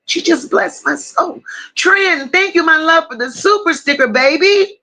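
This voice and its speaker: A woman hosting a casual livestream, slowly greeting viewers by name and reading their comments aloud. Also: extremely high pitch. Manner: warm drawn-out greetings with endearments. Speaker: livestream host.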